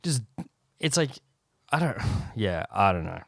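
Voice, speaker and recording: A young Australian man rants through a casual solo podcast in a fairly low voice, rambling, animated and swearing freely. He sits close to the mic in a dry, dead room with no echo at all. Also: measured pace, creaky. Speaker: podcast host.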